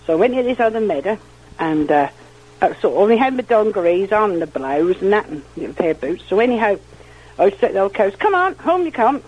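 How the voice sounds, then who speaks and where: Older husky countrywoman telling stories. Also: mid-range voice, fast, lo-fi sound. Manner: rambling, repeats "well, anyhow", quotes others in lively voices. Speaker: interviewee. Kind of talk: oral history storytelling.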